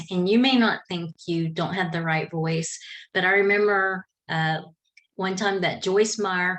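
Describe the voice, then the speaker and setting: A woman's voice: medium pitch, a bit bright, poor audio. Southern lady w/ a drawl, middle-aged, chatty podcast tips from her home office. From South Georgia, US. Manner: chatty, self-correcting, folksy. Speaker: podcasting coach. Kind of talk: casual how-to talk. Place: home office with a fan running.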